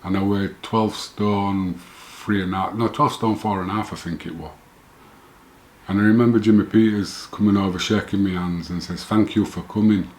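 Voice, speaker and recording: A man's voice: fairly low pitch, steady tone, normal speed, darkish tone. A middle-aged man telling his own story in a rambling, self-correcting way, chuckling now and then. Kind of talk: casual first-person storytelling.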